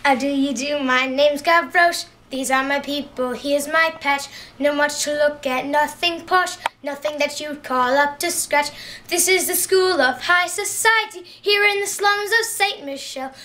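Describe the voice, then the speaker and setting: A woman's voice: high voice, a little slow, pushed and bright, slight background noise. A woman singing as a cheeky young male street urchin in a Cockney accent, with brash, swaggering musical-theatre patter. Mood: cocky.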